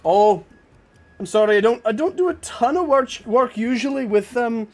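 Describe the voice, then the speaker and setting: Man doing a dwarven woman blacksmith, cheery, friendly, high squeaky voice, halting, faint music behind. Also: expressive, a little mellow. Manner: hesitant, halting delivery.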